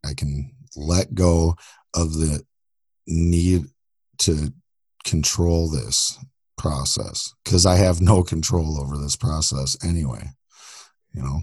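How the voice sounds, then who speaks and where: A laid-back man co-hosts a recovery podcast, swearing and laughing easily. His voice is very deep and husky and sounds dry and close. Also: slow pace, pauses often, darkish tone, no room sound. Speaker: podcast co-host. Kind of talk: casual chat.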